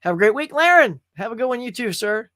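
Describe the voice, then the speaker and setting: A man's voice: extremely high pitch, sing-song, fast, pushed and bright, no room sound, clean studio sound. A man hosting a casual live stream, chatting loosely, laughing and reading viewer comments aloud. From California. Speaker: host.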